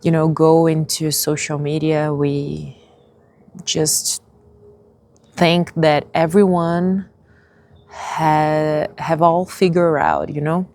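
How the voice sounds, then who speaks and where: Young woman vlogger, English, low fry-edged voice, very slow and halting. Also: little pitch movement, darkish tone. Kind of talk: personal confessional vlog.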